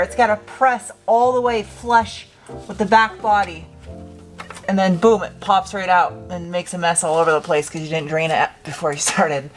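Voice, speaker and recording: A young woman talks her way through wrenching on an old truck, chatty and joking, half to the camera and half to herself. Her voice sits at an everyday middle pitch. Music plays clearly underneath. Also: a bit bright. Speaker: car restoration vlogger. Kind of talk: casual workshop narration.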